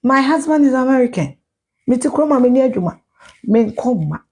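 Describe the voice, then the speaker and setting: A middle-aged Ghanaian woman with a Ghanaian accent, ranting loudly and profanely in a live video, slipping into Twi. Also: high voice, animated, fairly quick, breathy edge. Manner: loud, profane, mixes in Twi. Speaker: social media personality.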